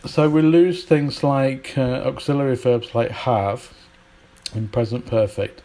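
A man explaining usage in a measured teaching style, illustrating points with spoken examples. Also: mid-range voice, fairly even intonation, dark tone. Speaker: English teacher.

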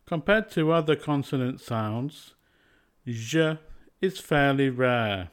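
A man teaching a scripted pronunciation lesson, speaking in slow, carefully spaced words. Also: medium pitch, lively intonation, clean tone.

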